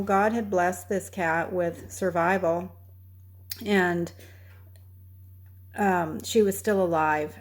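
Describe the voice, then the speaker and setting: A woman co-hosting a homestead channel, telling a story in a casual, unhurried way, step by step. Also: on the low side. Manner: unhurried, recounting events step by step.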